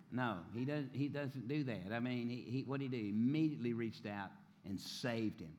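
A male pastor delivering a sermon in an even, middle-pitched voice. He stretches out the words he wants to stress and lets his voice sink low and soft at solemn moments. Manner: measured preaching, drawn-out emphasis on key words, quiet dips in voice.

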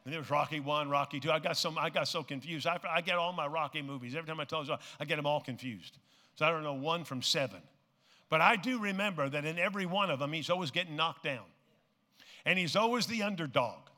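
A man preaching a sermon. He swings from hushed tones to shouting and repeats phrases for emphasis. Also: a little high, quick pace. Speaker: pastor. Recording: long reverb of a large hall.

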